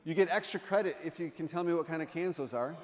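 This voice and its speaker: A man with a somewhat high voice gives a lighthearted, jokey presentation, tossing questions to the crowd. His voice rings out with a long, lingering echo, as heard in a church sanctuary. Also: fast. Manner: playful, jokey, quizzes the audience. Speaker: artist in residence giving a presentation. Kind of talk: humorous illustrated talk to a congregation.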